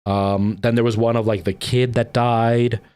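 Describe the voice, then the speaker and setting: A man's voice: medium pitch, little pitch movement, unhurried, darkish tone, clear, resonant tone. A man with a Canadian accent, chatting casually with live-stream viewers and rambling along with plenty of "like" and "um". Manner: rambling, with frequent "like" and "um".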